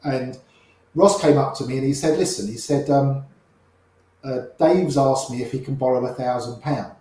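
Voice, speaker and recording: Echoey older man spinning poker stories. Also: medium pitch. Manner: animated raconteur, quotes people in quick little voices. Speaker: poker player guest. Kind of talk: anecdotal storytelling. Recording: very echoey room.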